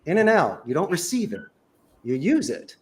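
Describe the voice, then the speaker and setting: A man giving emphatic, rapid-fire sales coaching, full of rhetorical questions. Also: a little high, wildly swooping pitch. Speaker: sales trainer. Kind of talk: animated coaching talk.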